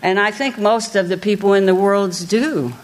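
A woman's voice: medium pitch, normal speed. A middle-aged woman shares a personal testimony with a congregation. She talks in an earnest, folksy way, and her preaching is full of quoted asides. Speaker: church speaker.

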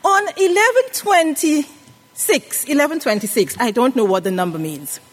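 A woman's voice: sits high, expressive, moderate pace, slightly rough. A woman preaching a sermon to a congregation, calling out questions for them to answer. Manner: call-and-response, asks the congregation questions. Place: worship hall. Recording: reverberant worship hall.

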